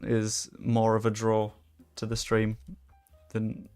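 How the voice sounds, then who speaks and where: A young man casually commentating a livestream while he plays, chatty, swearing freely and reacting loudly to the game. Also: lowish voice, little pitch movement, slow, clean tone. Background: faint background music.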